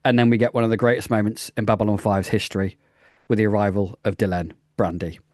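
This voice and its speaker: Calm man hosting a podcast. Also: lowish voice, fast talker, dry recording, studio quality. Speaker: podcast host. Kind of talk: casual podcast discussion.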